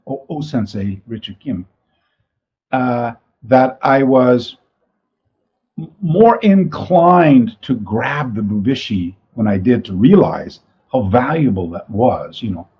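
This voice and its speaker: A man's voice: mid-range voice, muffled recording. A man, a martial arts teacher, talking thoughtfully in his own training space and often restarting his sentences. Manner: thoughtful, rambling, many restarts. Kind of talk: reflective talk to camera.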